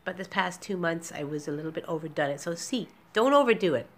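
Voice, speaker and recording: A woman's voice: fairly low pitch, animated, fast talker, a little hiss or hum. A woman vlogging from her apartment in a rambling, candid way, emotional and close to tears, laughing nervously between thoughts. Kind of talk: emotional personal vlog. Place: small apartment indoors.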